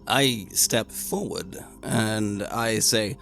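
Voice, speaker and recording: A man's voice: lowish voice, steady tone, very slow, a bit bright, soft background music. A man playing a tabletop game, stating his character's actions. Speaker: player.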